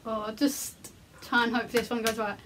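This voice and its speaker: A woman's voice: a little high, level tone, normal speed, fairly bright tone, a little hiss or hum. A young woman with a playful manner, chatting with a friend and faking a lost-dog phone call. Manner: playful, laughs a lot. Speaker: friend and co-host. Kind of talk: casual chat and prank call.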